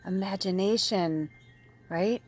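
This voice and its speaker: A chatty woman gives a casual spiritual tarot reading in a mid-pitched voice. She is animated and full of fillers, swears freely, and now and then drops to a soft near-whisper. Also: slow pace, faint music behind. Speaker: tarot reader and medium.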